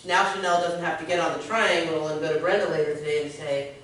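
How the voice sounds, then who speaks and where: A woman's voice: sits low, steady tone, fast talker, a bit bright, distant mic. An earnest woman leads a workplace discussion, stressing her points and checking in with her listeners. She sits well back from the mic in a very echoey meeting room. A faint noise floor hums underneath. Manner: earnest, emphatic, often checks in with "right?". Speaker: social services staff member leading a discussion.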